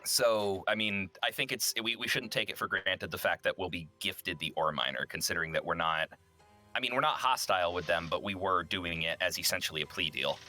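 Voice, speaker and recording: A man's voice: low voice, brisk, bright, forceful tone. A man playing a tabletop game, explaining his character's plans in a rambling way with many ums and restarts. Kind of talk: casual tabletop game chat.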